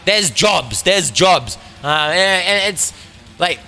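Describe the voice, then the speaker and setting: Australian man, podcast host, bright edgy voice, profane sarcastic rant, faint music behind. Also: high-pitched, expressive, slow pace, gravelly. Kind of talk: casual comedic rant.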